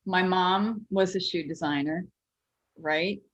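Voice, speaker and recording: Animated storytelling woman guest. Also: on the low side, slow. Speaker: guest cartoonist and author. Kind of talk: casual interview chat.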